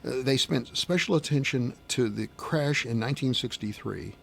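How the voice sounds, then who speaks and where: A man's voice: mid-range voice, normal speed, creaky, a bit bright, slight background noise. A man hosting a local radio morning show in a studio, joking and teasing his co-hosts in casual banter.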